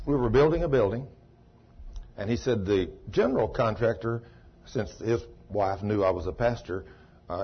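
Husky preacher, shouting and murmuring. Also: male voice. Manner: swings from ecstatic shouts to low retelling. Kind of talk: sermon storytelling. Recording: dull lo-fi recording.

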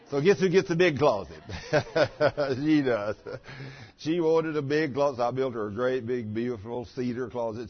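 Folksy man preaching. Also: mid-range voice. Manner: folksy, chatty, stammering restarts. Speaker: pastor. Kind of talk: sermon with personal storytelling. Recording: muffled lo-fi recording.

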